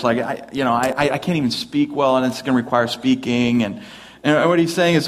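A man preaching a sermon in a relaxed, conversational way, acting out the quoted lines as he goes. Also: mid-range voice, brisk. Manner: conversational, with restarts and acted quotes. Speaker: pastor.

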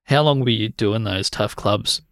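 A male interviewer asks a guest long, meandering questions and reworks them mid-sentence. His voice is low and gravelly. The sound is dry, with no room echo. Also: a little slow, a bit bright. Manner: rambling, rephrases his questions.

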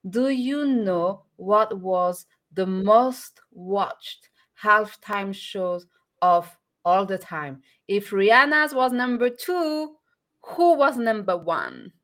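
A woman co-hosting a casual live-stream morning chat, animated, laughing often and speaking straight to viewers. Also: mid-range voice, slow pace. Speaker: co-host.

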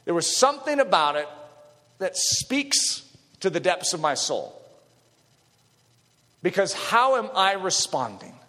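A middle-aged male preacher with a high, bright voice that leaps and dives across a wide range. He moves from hushed near-whispers to full shouts. The sound carries a long hall reverb. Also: very animated, unhurried, long pauses. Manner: dramatic, swings between hushed and shouting. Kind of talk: sermon.

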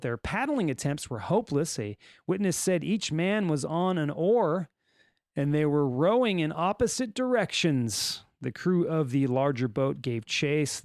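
A man's voice: on the high side, darkish tone, no echo. Californian guy reading wacky news on his podcast, bouncy voice, cracks jokes, dry close sound. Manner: joking asides while reading odd news stories. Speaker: podcast host. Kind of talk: solo comedic news podcast.

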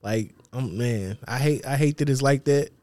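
Hedging, measured podcast man. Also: mid-range voice, no echo. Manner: measured, hedging, trails off quietly. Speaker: podcast co-host. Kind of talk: casual podcast chat.

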